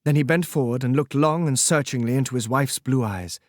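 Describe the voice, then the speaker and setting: A man narrating a classic novel in a measured, solemn reading. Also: mid-range voice, a little mellow, no room sound. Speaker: audiobook narrator.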